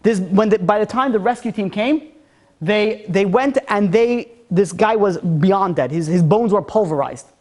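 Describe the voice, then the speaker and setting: A man's voice: sits high, a little slow, darkish tone. A man, a rabbi, telling a story to an audience, acting out the characters with frequent restarts. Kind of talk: storytelling talk.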